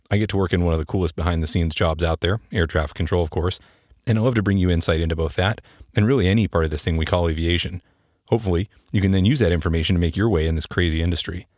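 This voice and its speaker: A man's voice: low-pitched, dry recording, clean studio sound. A man hosting his own podcast, chatty and joking, who works as an air traffic controller and explains the terms of his job to listeners. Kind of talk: casual podcast monologue.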